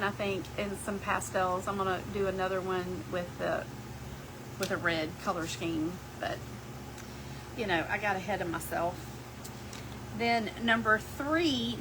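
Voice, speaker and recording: A middle-aged woman, chatting casually with her live-stream viewers as she shows her crafts. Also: medium pitch. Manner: chatty, talks to viewers as y'all. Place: home craft workshop. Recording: clear background hum.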